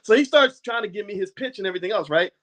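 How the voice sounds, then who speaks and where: A man's voice: sits high, lively intonation, very fast, heavy background noise. An American man hosting a motivational talk, reading from a book and preaching to his viewers with frequent laughs and casual swearing. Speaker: host.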